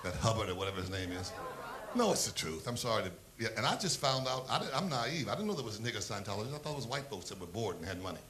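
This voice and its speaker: A man's voice: lowish voice, sing-song, very fast, fairly bright tone, a little hiss or hum. A man doing a stand-up comedy set, telling blunt, profane, provocative stories.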